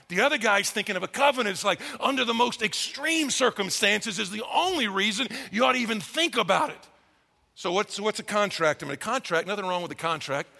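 A middle-aged man preaching a sermon as pastor, animated and acting out quoted voices. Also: high voice, creaky, big-room sound.

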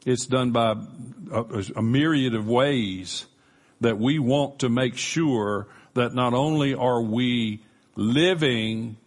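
A man preaching a sermon as pastor, earnest and emphatic, with measured pauses. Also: medium pitch.

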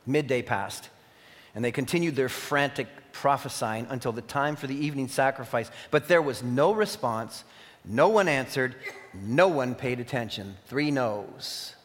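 A man preaching a sermon, reading scripture aloud with sudden loud emphatic peaks and quieter asides. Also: on the high side. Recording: long reverb of a hall.

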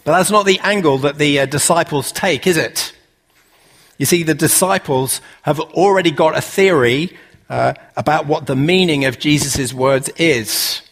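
A man preaching a relaxed, conversational sermon, full of "uh" fillers and rhetorical questions. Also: on the high side, normal speed.

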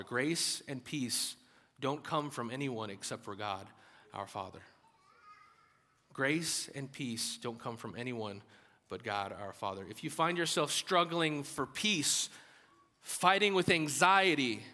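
A man's voice: mid-range voice, unhurried, bright, forceful tone, in a large hall. A pastor with a light Southern accent, preaching a sermon in an earnest way and building emphasis as he goes. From Alabama, US South.

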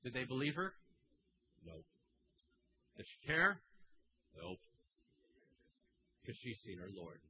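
Animated preacher man. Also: medium pitch, takes it slowly, pauses often, a little hiss or hum. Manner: animated, swings from loud to hushed. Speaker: pastor. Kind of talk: sermon. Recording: dull lo-fi sermon recording.

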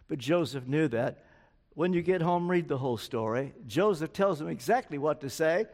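Older male preacher, high-pitched, storytelling sermon, long hall reverb. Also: animated, normal speed, darkish tone. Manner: storytelling, acts out quoted dialogue.

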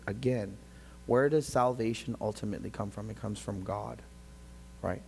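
A man preaching a sermon as a pastor. He alternates between quiet, slow phrases and fast, passionate passages, and acts out voices of biblical figures. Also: on the low side, creaky, slight background noise. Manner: swings from quiet to loud, shouting passionately at peaks.

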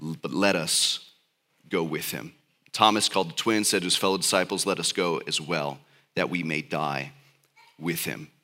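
A man preaching a sermon. He reads Bible verses aloud and then explains them, with sudden rises of emphasis. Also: low-pitched. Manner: reads scripture aloud slowly, then explains in lively speech.

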